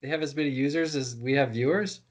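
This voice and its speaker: A man's voice: medium pitch, quick pace. A man co-hosting a casual podcast chat, making wry quips and laughing often. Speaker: podcast co-host.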